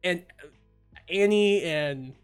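A man hosting a relaxed podcast chat, retelling a sitcom episode with plenty of energy. His voice sits at an ordinary pitch and keeps slipping into quick acted-out quotes. Faint music plays behind him. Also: clear, resonant tone. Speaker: podcast host.

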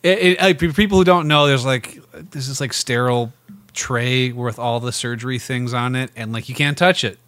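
A man's voice: mid-range voice, moderate pace, fairly bright tone, clear, resonant tone, dry recording. A man co-hosting a podcast, making dry, matter-of-fact remarks in casual chat. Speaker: podcast co-host.

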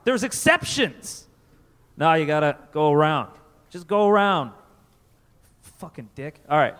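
A man from Connecticut doing live stand-up comedy, animated, profane and self-deprecating, on a festival stage before an audience. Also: on the high side, unhurried. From Connecticut, USA. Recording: reverberant live venue.

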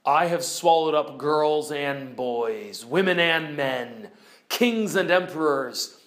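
A man voicing a huge solemn male lion, speaking slowly, low and hushed. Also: expressive. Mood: grave. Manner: slow, low, hushed delivery.

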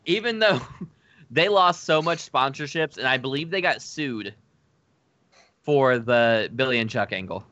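A man co-hosting a casual podcast chat, talking in an animated, questioning way. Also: medium pitch, measured pace, no echo, muffled recording. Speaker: podcast co-host.

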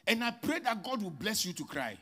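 A man preaching a sermon as pastor, with sudden loud rises and soft drops. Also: sits high, big pitch swings, brisk, a little hiss or hum.

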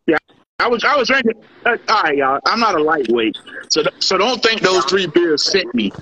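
A man casually telling a drinking story on a podcast, slangy and profane, animated as he goes. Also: sits high, normal speed, slightly rough, lo-fi sound. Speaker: podcast co-host.

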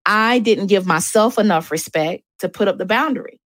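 A woman's voice: medium pitch, normal speed, fairly bright tone, no echo. A woman hosting a show, talking candidly and emphatically about faith and dating, speaking straight to her listeners. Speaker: host.

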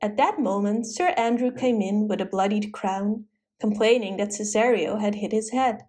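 A woman's voice: mid-range voice, normal speed, warm tone. Woman narrating a storybook tale.

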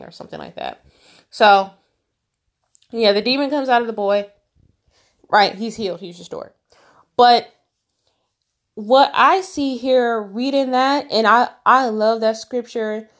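A woman's voice: mid-range voice, measured pace, long pauses. A woman leading an informal Bible study, reading verses aloud and then talking them over. Her talk is loose and full of fillers and restarts. She presses hard on her strongest points. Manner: conversational, many fillers and restarts, gets emphatic. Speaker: Bible teacher.

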